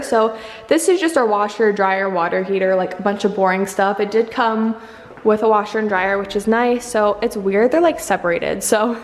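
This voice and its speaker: A young woman vlogging a tour of her empty apartment, chatty and upbeat, with lots of "like" fillers. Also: medium pitch. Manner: chatty, uses "like" often, upbeat. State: a bit out of breath. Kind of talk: casual home tour vlog. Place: empty apartment with bare rooms, indoors.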